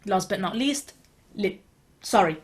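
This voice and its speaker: A woman's voice: mid-range voice, animated, measured pace. Encouraging woman teaching beatboxing. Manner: encouraging, reassuring, casual with fillers. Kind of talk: online video tutorial.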